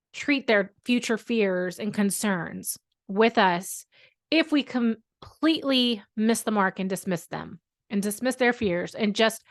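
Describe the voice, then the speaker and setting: A woman's voice: medium pitch, a bit bright. A woman in her thirties, a therapist and mother, talking candidly and conversationally to her audience with many fillers and emphatic stresses. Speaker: host, therapist and parent. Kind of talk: casual talk to camera.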